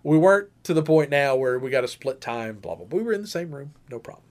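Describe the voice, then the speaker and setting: A man in his thirties, co-hosting a podcast and telling a story in casual chat, lively and animated, with high squeaky voices for the women he quotes. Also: quick pace. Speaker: podcast co-host.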